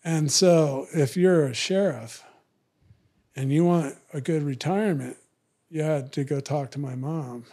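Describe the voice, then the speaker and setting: A man's voice: on the high side, warm tone, breathy edge. A middle-aged man telling profane stories on a podcast, acting out other people's lines in a raised voice. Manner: profane, drawn-out slang. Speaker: podcast guest. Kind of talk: storytelling in casual talk.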